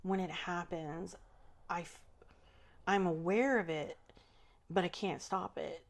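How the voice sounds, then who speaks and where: Female podcast host, lower voice, relaxed rambling chat. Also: takes it slowly. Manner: relaxed, chatty, trailing off mid-thought. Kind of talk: casual spiritual chat.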